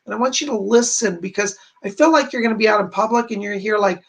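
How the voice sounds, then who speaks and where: Man, psychic medium host, livestream chat, gravelly voice, husky tone. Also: sits high, fast. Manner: chatty, reading messages aloud. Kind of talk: livestream reading viewer messages.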